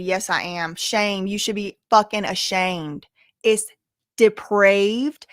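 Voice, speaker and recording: A woman hosting a casual livestream commentary, reading out chat messages and reacting loudly, repeating phrases and exclaiming with disgust. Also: mid-range voice, lively intonation, moderate pace, no echo, studio quality.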